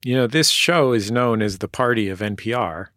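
A man hosting a radio interview show, asking questions in a measured, thoughtful way. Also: lowish voice, a bit bright, dry recording, clean studio sound.

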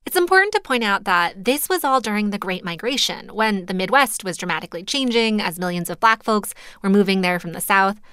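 A woman reporter delivering scripted radio narration in a crisp, conversational storytelling way. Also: medium pitch, animated, fairly quick, hardly any pauses, sharp tone, no room sound. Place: studio booth.

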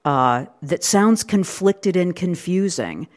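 A woman's voice: fairly low pitch, lively intonation, slow, darkish tone. A woman hosting a radio book show, asking thoughtful, curious questions. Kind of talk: radio interview.

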